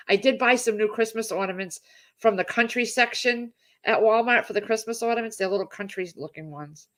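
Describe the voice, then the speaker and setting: A middle-aged woman chatting casually on a livestream, reading out viewer comments and gushing over them. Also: mid-range voice. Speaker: livestream host.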